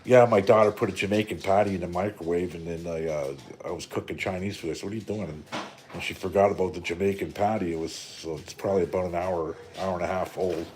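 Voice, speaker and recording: A man's voice: low voice, steady tone, quick pace, a little mellow, slight background noise. A middle-aged man from Canada hosting a live stream, rambling and joking with lots of profanity. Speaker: livestream host. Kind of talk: casual live-stream rant.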